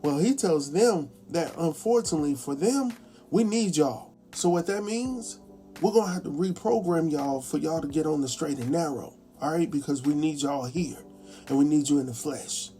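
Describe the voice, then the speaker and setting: Chatty man recapping a show, mellow tone. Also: on the high side, faint music behind. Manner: animated, acts out characters' lines in quick impressions; chatty, colloquial, laughs at his own asides. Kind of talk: casual TV episode recap.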